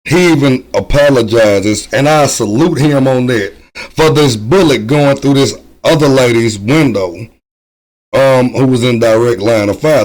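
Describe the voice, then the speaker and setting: A man reacting to a video in casual commentary, his voice at a middle pitch. He talks reflectively, pausing often with ums as he weighs his words. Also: a little mellow, poor audio. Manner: thoughtful, hesitant, many ums.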